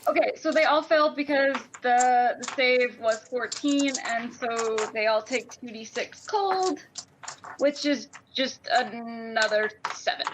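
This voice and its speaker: A woman's voice: fairly high pitch, unhurried, background noise. A woman at a tabletop game, working methodically through the dice results. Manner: methodical, works through the numbers. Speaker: player. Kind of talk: casual game chat.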